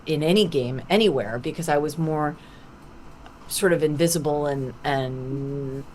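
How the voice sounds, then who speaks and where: A middle-aged woman, a voice actor, being interviewed on a podcast over a video call, telling animated stories full of acted-out quotes. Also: low voice, unhurried, slight background noise. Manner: lively anecdotal storytelling with acted-out quotes. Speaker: voice actor guest.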